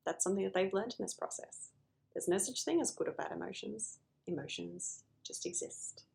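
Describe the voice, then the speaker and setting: A woman's voice: medium pitch, quick pace, gravelly, darkish tone. A woman therapist talking earnestly to camera about noticing emotions, sometimes acting out conversations with clients.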